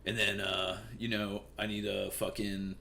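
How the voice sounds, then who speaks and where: Young male streamer with a deep voice, swearing and rambling through news commentary over faint noise. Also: flat delivery, unhurried, creaky, sharp tone. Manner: profane, rambling, filler-heavy.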